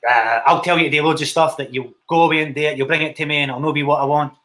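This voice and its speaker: Bright-voiced Scottish man, blunt and sweary. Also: on the high side, very fast. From Scotland. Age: young adult. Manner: blunt, swears freely, animated storyteller. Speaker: guest, film director. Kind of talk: casual interview storytelling.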